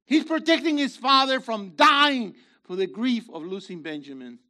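A man preaching a sermon in a theatrical way, acting out voices and swinging from shouts to hushed asides. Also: very high-pitched, lively intonation, normal speed.

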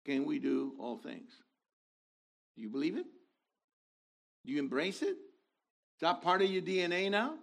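A man in his sixties preaching a sermon, animated, dropping to low asides and rising to loud exhortation. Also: a little slow, gravelly, pauses often.

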